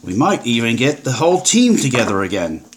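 An actor playing a brash, upbeat forty-year-old British paleontologist in an audiobook, with a jaunty, breezy manner and old-fashioned turns of phrase. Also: male voice, medium pitch, sing-song, a little fast, slight background noise, natural voice. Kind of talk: audiobook character voice.

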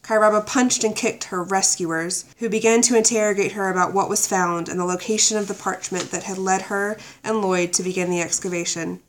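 A woman reading a thriller excerpt aloud in a steady, even storytelling manner. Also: medium pitch, a little fast, hardly any pauses, a little hiss or hum. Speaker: narrator. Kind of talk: audiobook narration.

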